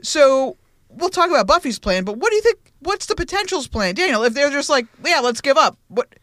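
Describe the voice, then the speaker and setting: A woman's voice: sits high, big pitch swings, a little fast, a bit bright, dry recording. Woman, podcast co-host, chatty, laughing, dry close sound. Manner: chatty, laughing, acts out quotes. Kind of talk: casual chat.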